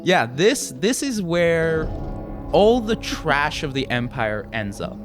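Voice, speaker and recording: A man's voice: a little high, sing-song, takes it slowly, music in the background. A man narrating as game master, describing scenes in detail and sometimes repeating words as he thinks.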